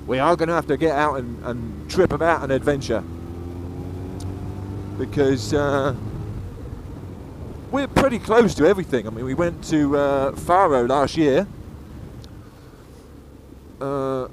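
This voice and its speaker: A man's voice: fairly high pitch, animated, a little slow, pauses often. Chatty English-born man rambling while riding. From England. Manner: rambling and chatty, swears freely. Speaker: motorcycle vlogger. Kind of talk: casual riding commentary. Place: outdoors on a moving motorcycle on the road. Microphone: helmet-mounted action camera. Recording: faint road and engine noise.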